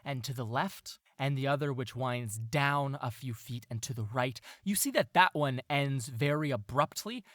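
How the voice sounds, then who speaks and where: A man's voice: medium pitch, moderate pace, few pauses, fairly bright tone, no echo, clean studio sound. A man narrating as game master of a tabletop game, describing scenes and laughing often.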